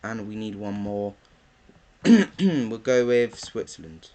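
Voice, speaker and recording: Lad rambling slowly about football picks, lots of ums, thinking out loud. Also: male voice, fairly low pitch. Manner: rambling, thinks aloud with many ums, bursts into excited chanting. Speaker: football vlogger. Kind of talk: casual predictions talk.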